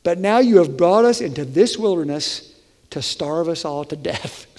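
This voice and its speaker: A man's voice: on the high side, lively intonation, moderate pace, a little mellow, long reverb tail. A preacher acting out a whiny grumbling Israelite man. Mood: moaning. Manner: whiny, moaning. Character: grumbling ancient Israelite man, complaining bitterly.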